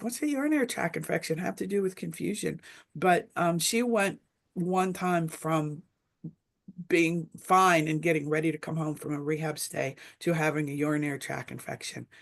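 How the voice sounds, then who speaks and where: A middle-aged woman shares her story in a casual webinar discussion. Her voice carries a gravelly, creaky edge. She talks in a reflective, meandering way, full of ums and restarts. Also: low voice. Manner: reflective storytelling with many fillers. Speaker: webinar panelist.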